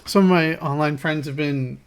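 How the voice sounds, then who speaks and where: A young woman with a notably low voice co-hosts a gaming podcast. She chats casually, tosses in quick asides and laughs easily. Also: fairly even intonation, clean tone. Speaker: podcast co-host. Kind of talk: casual chat.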